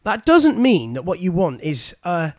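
High-voiced, playful man chatting. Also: wildly swooping pitch, measured pace, no echo, studio quality. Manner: playful, enthusiastic riffing. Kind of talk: casual chat.

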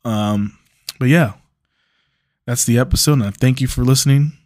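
A man's voice: medium pitch, normal speed, a little mellow. A man in his mid-thirties hosting a solo podcast, telling stories in a rambling, joking way with frequent restarts and cursing. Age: 30s. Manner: rambling, laughing storyteller with restarts and profanity. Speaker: podcast host. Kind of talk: casual solo monologue.

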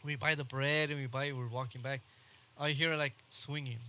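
A man's voice: mid-range voice, fairly even intonation, moderate pace, bright, forceful tone. A man telling a spooky story in casual, rambling, profane podcast chat. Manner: rambling, swearing, laughing storyteller. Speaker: podcast co-host.

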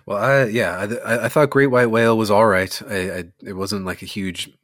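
A man with a lowish voice runs through album ratings in a relaxed, chatty way. He laughs easily. The sound is close and dry with no room around it. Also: normal speed, no echo. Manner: laid-back, laughs often, rates albums out of eleven. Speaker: podcast co-host. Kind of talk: casual music chat.

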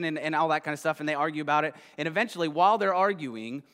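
A pastor delivers a relaxed, chatty sermon in a voice pitched a little above the usual male range. His words carry a long reverb tail, as if spoken in a large sanctuary. He keeps the congregation engaged with frequent quick asides. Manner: conversational, frequent "right?" checks, quick restarts. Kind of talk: casual sermon retelling a children's story.

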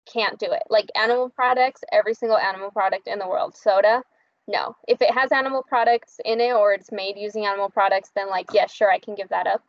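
A woman chatting casually on a podcast, relaxed and agreeable, full of fillers. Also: medium pitch, fast, dry recording, muffled recording. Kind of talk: casual chat.

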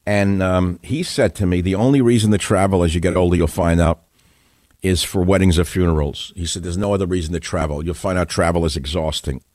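A man's voice: sits low, fairly even intonation, a little fast, a little mellow, no echo, clean studio sound. A man hosting a talk radio show, musing and self-described as cynical, wandering between thoughts.

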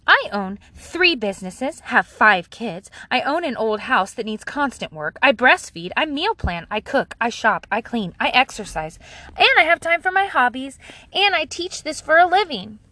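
A woman's voice: high voice, sing-song, moderate pace, pushed and bright, no echo, full character voice. Woman mocking a smug boastful supermom.

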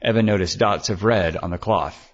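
A man reading a detective novel aloud as a narrator, in an even, measured manner. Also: low-pitched. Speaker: audiobook narrator. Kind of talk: scripted narration. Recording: dull lo-fi recording.

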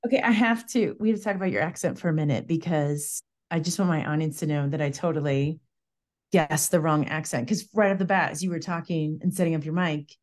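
A woman's voice: sits low, brisk, darkish tone. A woman hosting an interview podcast, upbeat and chatty, reading out her guest's bio. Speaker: podcast host. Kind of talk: casual interview chat.

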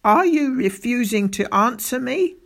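A woman playing a stern, bullying male schoolteacher with a military past, who shouts and barks his orders. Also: medium pitch, animated, takes it slowly. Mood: barking. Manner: shouting, barking.

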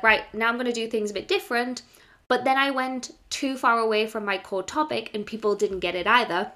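A woman's voice: mid-range voice, a bit bright. A woman, hosting a casual solo podcast in a chatty, rambling way full of "like"s. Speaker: podcast host, brand strategist.

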